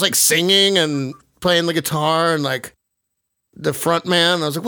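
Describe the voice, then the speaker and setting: A man's voice: on the high side, normal speed, bright, forceful tone, dry recording. A young man on a podcast, chatting casually over a video call and telling stories while laughing and swearing. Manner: laughing storyteller, swears freely. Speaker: podcast host. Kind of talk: casual chat.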